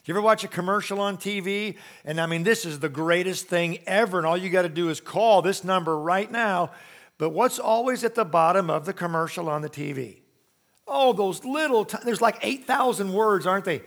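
A man's voice: sits high, a little fast, fairly bright tone. A man preaching a sermon to a congregation in a church, emphatic and conversational, asking rhetorical questions. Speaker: pastor.

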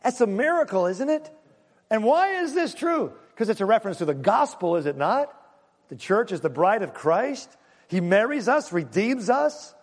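A man preaching a sermon as pastor, lively and joking, with emphatic repeated points and asides to his congregation. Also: sits high, normal speed. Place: church sanctuary. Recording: long reverb of a church hall.

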